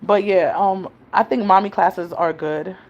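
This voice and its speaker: Chatty New mom vlogger. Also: female voice, medium pitch, steady tone, unhurried, highs cut off. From New York City. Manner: chatty, rambling, laughs often. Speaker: vlogger, mother. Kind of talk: casual chat to viewers. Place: home, New York.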